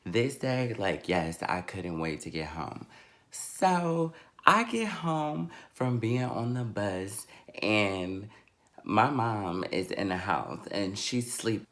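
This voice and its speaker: A man in his twenties telling a story-time vlog with sassy, animated delivery. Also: lowish voice, slow pace. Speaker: vlogger.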